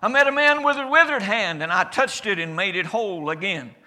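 A man preaching in the first person as Jesus, a calm and certain adult man, with a declamatory delivery whose loudness rises and falls. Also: high-pitched, a little fast, exaggerated voice. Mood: solemn. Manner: declamatory, rising and falling loudness. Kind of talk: first-person sermon monologue.

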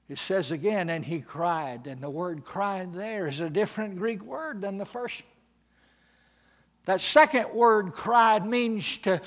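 Male preacher, sermon delivery, high bright voice, slow and deliberate, big dynamic swings. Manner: dramatic swings from hushed to shouting.

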